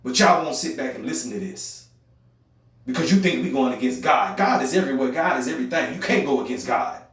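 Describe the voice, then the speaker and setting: A young man with an African American Vernacular English accent delivers a heated, preachy monologue. He repeats his phrases and swings between loud outbursts and quiet, low stretches. His voice rings through a very echoey room, picked up from far off. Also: animated, brisk. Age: young adult. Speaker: podcast host. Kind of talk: impassioned monologue.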